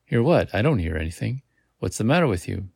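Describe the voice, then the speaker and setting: A man's voice: lowish voice, very animated, fairly quick, vocal fry, darkish tone, husky, no room sound, studio quality, full character voice. A man voicing a nervous young boy in a gamebook reading, with a jumpy, blurting manner. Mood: impatient.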